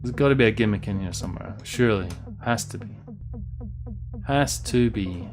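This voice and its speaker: A man's voice: on the low side, fast. A man giving casual gameplay commentary, rambling and sardonic, swearing often as he plays. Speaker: let's play host. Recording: game music clear behind voice.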